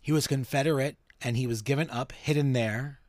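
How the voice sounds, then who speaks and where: A man's voice: mid-range voice, steady tone, a little fast, a little mellow, no echo. A man hosting a podcast and summarizing a story casually, with fillers and the odd swear. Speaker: podcast host.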